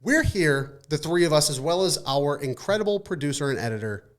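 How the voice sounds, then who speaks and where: A man hosting a casual gaming podcast, signing off with loud, profane, mock-angry hype. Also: on the high side, expressive, a little fast. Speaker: podcast host.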